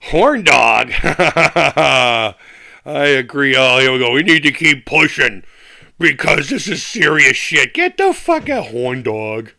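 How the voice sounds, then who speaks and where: A middle-aged man hosting a live stream, talking casually and ranting hard at commenters. His voice is bright and edgy with a gravelly crackle, and it swings widely up and down. He swears constantly and breaks into laughs. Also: mid-range voice, very animated, slow. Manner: profane, ranting, laughs often. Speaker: livestream host.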